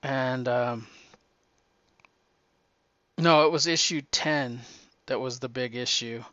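A man's voice: mid-range voice, slow, pushed and bright, no room sound, lo-fi sound. A man hosting a comics podcast in casual chat, enthusiastic and rambling, swearing freely and restarting often.

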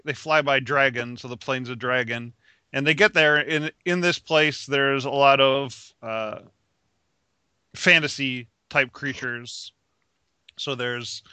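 Bright, clear-voiced man in casual chat. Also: medium pitch, dry recording. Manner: laughs while reading quotes aloud. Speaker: podcast co-host reviewing comics.

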